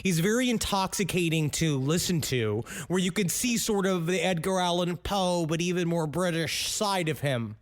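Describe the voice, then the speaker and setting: An American man co-hosting a podcast, joking and ranting in an animated way. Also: high-pitched, moderate pace, few pauses. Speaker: podcast co-host. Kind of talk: casual podcast chat.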